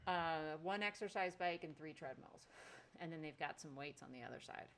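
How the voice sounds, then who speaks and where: A woman co-hosting a podcast, telling a story in casual chat with animated exasperation. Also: deep voice, normal speed. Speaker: podcast co-host.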